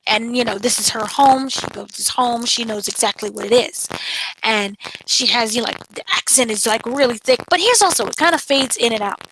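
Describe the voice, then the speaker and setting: Bright, animated woman recapping a show. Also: fairly high pitch, normal speed, slight background noise, rough recording. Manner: animated, retells scenes with playful voices. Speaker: entertainment editor, co-host. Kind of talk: casual spoiler recap chat.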